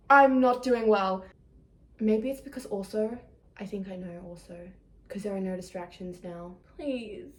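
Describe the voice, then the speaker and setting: Young woman rambling through an emotional vlog. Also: medium pitch. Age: young adult. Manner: rambling, emotional, self-mocking, breaks into laughs. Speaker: vlogger. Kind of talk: casual confessional vlog. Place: indoor room. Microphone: camera some distance away. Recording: echoey room, camera away.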